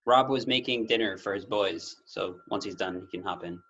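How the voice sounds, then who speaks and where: A man with a lowish voice chats with dry, relaxed humor as he gets a tabletop game started with his group. He comes through a video call, and the sound is a little dull and muffled. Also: moderate pace, faint music behind. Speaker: game master organizing the session. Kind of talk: casual chat before a tabletop game.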